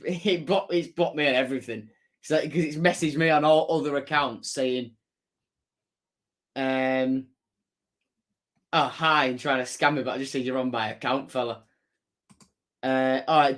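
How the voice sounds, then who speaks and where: A man's voice: mid-range voice, steady tone, normal speed, long pauses. A young man hosting a casual football livestream, chatting and reading out viewer comments with jokey asides. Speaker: football fan livestream host.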